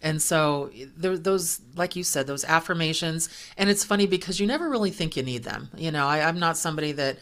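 A woman hosting a podcast, telling workplace anecdotes in a lively, chatty way and acting out the people she quotes. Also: low voice, fairly quick, few pauses. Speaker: podcast host. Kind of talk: casual storytelling chat.

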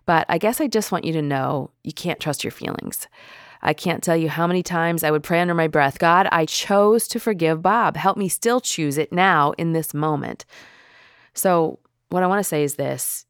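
A woman's voice: deep voice, normal speed, dry recording, studio quality. A woman co-hosting a podcast, talking in a candid, confessional way. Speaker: podcast co-host. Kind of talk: casual podcast chat.

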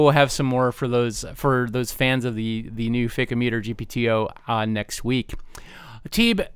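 A man's voice: mid-range voice, a bit bright, clean tone, no echo. A man co-hosting a podcast, telling corny jokes and laughing often in casual banter. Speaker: podcast co-host.

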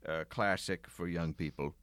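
A male podcast host with a low, forceful, bright-edged voice. He keeps the chat loose and jokey. The recording is dry and close-miked. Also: steady tone, normal speed, no room sound. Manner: laughs easily, jokey. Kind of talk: casual interview chat.

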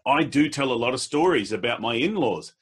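A man, a public speaker, telling anecdotes in a relaxed conversation, with a husky voice. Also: brisk. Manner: storytelling, slips into quoted voices with pitch jumps. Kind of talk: casual conversation.

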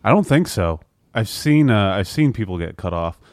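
A man co-hosting a podcast, chatting casually and telling stories, agreeing with a steady stream of yeahs. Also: lowish voice, moderate pace, dry recording, studio quality. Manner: laid-back storytelling, frequent "yeah" agreement. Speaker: podcast co-host, comedian. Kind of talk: casual chat.

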